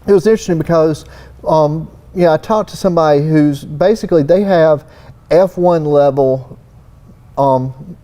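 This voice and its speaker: A surface-finishing expert sits as a guest on a technical panel at a trade expo, talking casually in a folksy, rambling Southern US drawl packed with "you know." His voice is fairly high with a dark tone, and he speaks at a normal speed.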